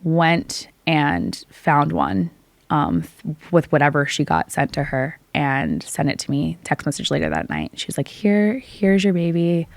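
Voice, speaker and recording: A woman's voice: low voice, sing-song, a little slow, vocal fry, no room sound. A woman on a podcast, telling a personal story with feeling and acting out both sides of the conversations. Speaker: podcast co-host. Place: podcast studio.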